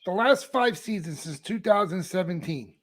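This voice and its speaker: A man's voice: high voice, lively intonation, moderate pace. A man co-hosting a casual live sports chat, blunt and curt, swearing casually. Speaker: podcast co-host.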